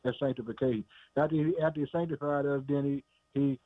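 A man's voice: medium pitch, steady tone, quick pace, no room sound. Emphatic preaching man on a phone-like line. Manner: repetitive, emphatic, calls listeners "man" and "boy". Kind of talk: sermon. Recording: dry, phone-like narrow sound.

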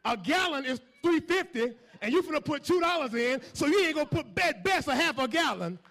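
A man preaching a sermon, building from quiet asides to loud call-and-response shouts. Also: extremely high pitch, animated, a little fast, gravelly.

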